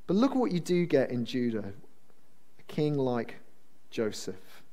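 A man preaching a sermon in a chatty, self-deprecating and animated way. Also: sits high, unhurried.

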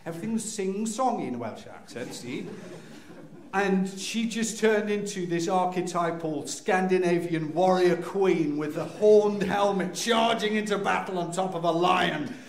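A man telling a humorous personal story to an audience, acting out scenes with sudden loud cries. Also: sits high, unhurried, vocal fry, a crowd in the background. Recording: echoey room.

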